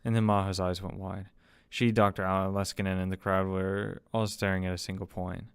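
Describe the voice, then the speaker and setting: A man's voice: low voice, little pitch movement, normal speed, smooth, dry recording. A man reading a visual novel aloud, who stumbles over words, restarts them, and swears in casual asides. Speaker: let's play narrator.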